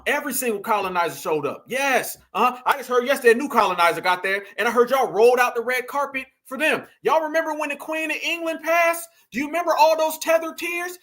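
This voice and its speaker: A middle-aged American man rants in heated, preachy commentary, addressing his listeners as "fam." His voice is very high, pushed, and bright.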